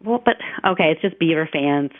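A woman's voice: deep voice, animated, brisk. Woman, podcast co-host, chatty storyteller, tinny phone-line sound. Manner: chatty storyteller, laughs easily. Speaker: podcast co-host, recruiting reporter. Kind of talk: casual sports chat.

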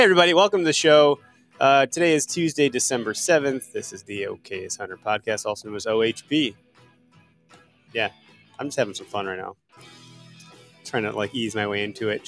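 A man with an Upper Midwest American accent hosts a podcast, joking around and laughing often while he fights off a cough. His pitch sits in a middle range, and faint music plays underneath. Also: fairly bright tone. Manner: laughing, joking, loose and rambling. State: coughing, asthmatic. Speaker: podcast host. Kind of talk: casual podcast banter.

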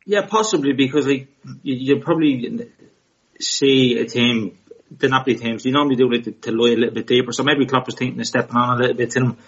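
A man of ordinary pitch weighs up football talk in a measured, reasoning way, often restarting his sentences. The sound is slightly muffled and lo-fi. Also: a bit bright. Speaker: podcast co-host. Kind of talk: casual football chat.

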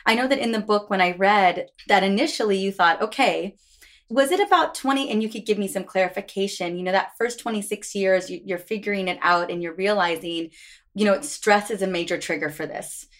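A woman's voice: mid-range voice, a little fast, fairly bright tone. A woman hosting an interview, asking attentive follow-up questions. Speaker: interviewer, host.

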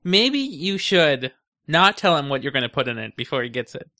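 A man's voice: fairly high pitch, sing-song, normal speed, bright, forceful tone, no echo. A man co-hosting a podcast, chatting casually in a dry, teasing, skeptical way. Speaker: podcast co-host. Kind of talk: casual chat.

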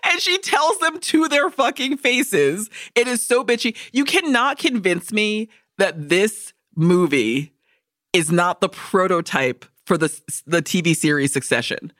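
A woman co-hosting a movie podcast, recapping a film's plot in a profane, animated way and acting out the characters' lines. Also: medium pitch, a little slow, no room sound, studio quality. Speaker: podcast co-host. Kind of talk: casual movie discussion.

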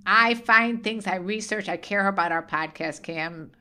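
A woman's voice: medium pitch, a little slow, bright, forceful tone. A middle-aged woman co-hosting a podcast with her adult child, chatting casually in a teasing, playful way and laughing easily. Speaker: podcast co-host, host's mother. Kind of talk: casual chat. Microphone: podcast studio mic.

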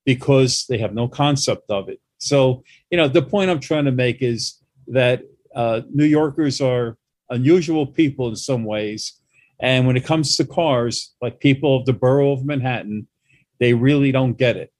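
Casting: New man, lively storyteller acting out dialogue, dry close sound. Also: mid-range voice, moderate pace, no room sound. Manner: animated anecdotes with quoted dialogue. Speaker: guest, New York travel expert. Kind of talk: casual storytelling chat.

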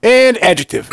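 A man co-hosting a casual podcast, joking around and quick to laugh during a drinking game. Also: high-pitched, a little hiss or hum. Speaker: podcast co-host.

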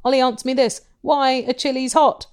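A woman's voice: sits high, little pitch movement, brisk, a little mellow, smooth. A woman co-hosting a podcast with a dry, witty chatty manner. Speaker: podcast co-host. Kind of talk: casual chat.

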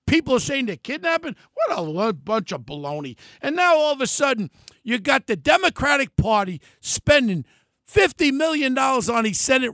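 High-pitched, gravelly ranting man. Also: dry recording, clean studio sound. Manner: angry, ranting, bursts into shouting then drops low. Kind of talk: political rant.

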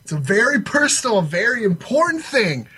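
A pushy, fervent sports agent, as a man puts him on for a comedy podcast bit. The voice is very high, bright and husky, and it swings widely in pitch. He preaches and yells his catchphrase at his partner. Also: big pitch swings, normal speed, heavily acted. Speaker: podcast co-host.

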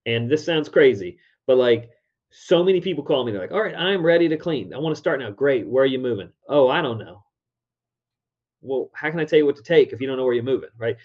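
A man in his forties, a decluttering expert, chatting as a guest in an interview and telling stories with lively quoted voices. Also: medium pitch, brisk. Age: 40s. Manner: animated storyteller, acts out quotes in raised voice. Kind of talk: casual interview chat. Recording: dull lo-fi audio.

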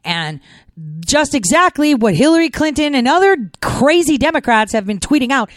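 A woman hosting a political commentary show, talking fast in a chatty, rambling monologue full of fillers. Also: high voice, sing-song, dry recording. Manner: talks fast. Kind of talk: casual monologue.

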